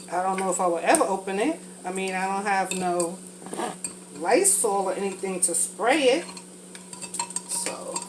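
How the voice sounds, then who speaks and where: A woman's voice: mid-range voice, noisy background. A woman talking casually and frankly while cooking for a vlog, rambling from thought to thought, a little congested from a sinus infection. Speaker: vlogger.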